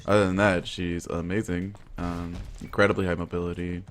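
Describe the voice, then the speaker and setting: A man's voice: low-pitched, level tone, moderate pace. A man giving casual, playful gameplay commentary, crude and self-mocking. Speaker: gaming video host.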